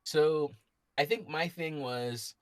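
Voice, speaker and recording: A man's voice: a little high, slow pace, no echo. Dry-voiced laid-back American man. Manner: laid-back storyteller, swears casually. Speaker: guest. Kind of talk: casual chat over a video call. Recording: dry laggy call audio.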